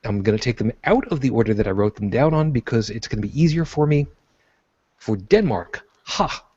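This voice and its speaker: A man's voice: medium pitch, lively intonation, a little fast, darkish tone, slightly rough, muffled recording. A man co-hosting a podcast in casual chat, self-deprecating and apologetic. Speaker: podcast co-host.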